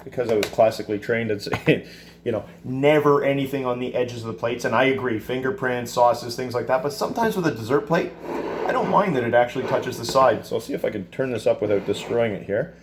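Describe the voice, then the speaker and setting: Relaxed man giving a cooking demonstration. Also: medium pitch, fairly quick, a little hiss or hum. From Canada. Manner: relaxed, chatty, self-deprecating asides. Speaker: culinary teacher. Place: school kitchen.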